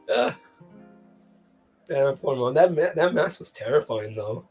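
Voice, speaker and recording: A guest telling a funny family story in a casual chat, animated and often laughing, with a slightly husky voice. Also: medium pitch.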